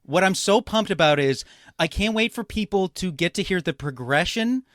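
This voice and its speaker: A podcast host with a slightly high, very animated voice that jumps up and down as he riffs. He laughs easily, and the mic is close and dry. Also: moderate pace, dry recording. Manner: lively, laughing, bouncing between bits. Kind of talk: casual podcast chat.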